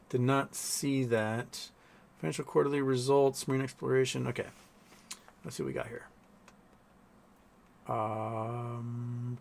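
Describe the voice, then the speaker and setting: With a mid-range, creaky voice, a livestream host chats from home, wandering through market talk and reading out viewer comments, swearing now and then. He slips into baby talk to coax his pets.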